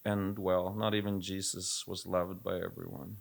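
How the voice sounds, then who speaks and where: A middle-aged man with a Swedish accent speaks in a low, gravelly voice. He talks candidly and reflectively in a relaxed podcast chat, thinking aloud and restarting his sentences. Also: normal speed. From Sweden. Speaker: podcast co-host, music producer. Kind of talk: casual chat.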